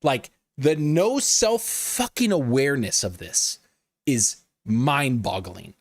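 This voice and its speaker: A man's voice: medium pitch, takes it slowly, no room sound, clean studio sound. A man hosting a live gaming news stream, talking casually with lots of swearing and riffing with his chat. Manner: profane, animated, riffs and laughs at chat.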